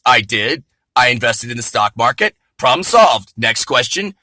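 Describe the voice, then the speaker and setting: A man's voice: medium pitch, sing-song, normal speed, pushed and bright, no echo, full character voice. A man voicing a defensive, boastful self-made man who talks in an indignant, blustering way. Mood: smug.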